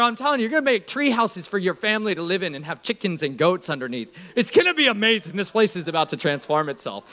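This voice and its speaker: A man preaching from a church stage, emphatic, swinging from low murmurs to shouts. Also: big pitch swings, fast talker, hardly any pauses. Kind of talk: sermon.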